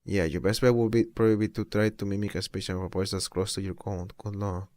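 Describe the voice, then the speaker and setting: A man's voice: on the low side, fairly even intonation, quick pace, darkish tone, no echo. A young man streaming, chatting casually and with disbelief while reading posts aloud, laughing often.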